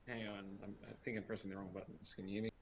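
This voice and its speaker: A man chatting on a stream, rambling and crude and quick to laugh. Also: lowish voice, flat delivery. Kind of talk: casual chat.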